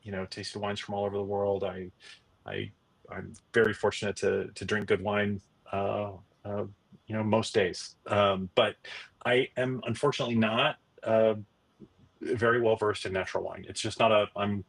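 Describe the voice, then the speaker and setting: Low-voiced rambling male host. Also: steady tone, moderate pace, creaky. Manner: rambling, many fillers and restarts. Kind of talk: casual live-stream chat.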